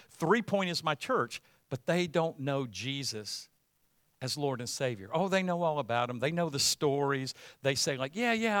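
A man preaching a sermon as pastor, conversational at first, then building to loud, emphatic passages. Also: on the high side, no room sound, clean studio sound.

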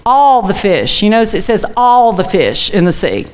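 A woman preaching in a relaxed, chatty way, drifting into folksy asides. Her voice sits a little high and sounds smooth and clear. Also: moderate pace. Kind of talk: conversational sermon.

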